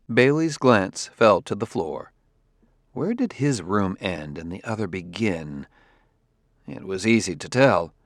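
A man reading a novel aloud as audiobook narrator, in a measured, steady way. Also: fairly low pitch, gravelly, dry recording, studio quality. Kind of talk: scripted narration.

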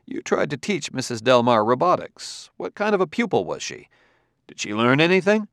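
A man's voice: medium pitch, big pitch swings, normal speed, a bit bright, dry recording, pitched above the performer's own voice. A blunt male detective from Earth keeps pressing his questions, voice lifted and firm, as a man reads him aloud. The sound is close and dry, with no room around it. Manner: insistent, cross-examining.

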